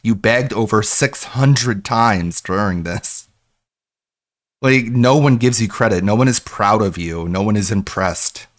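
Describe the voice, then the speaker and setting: A man's voice: on the low side, unhurried. A man commenting sarcastically on a clip during a live stream.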